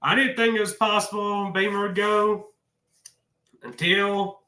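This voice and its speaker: Man, very bright and sharp tone, echoey room, folksy emotional sports talk. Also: sits high, fairly even intonation, unhurried. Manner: emotional, folksy, addresses viewers as y'all. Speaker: college football commentator. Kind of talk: casual sports vlog.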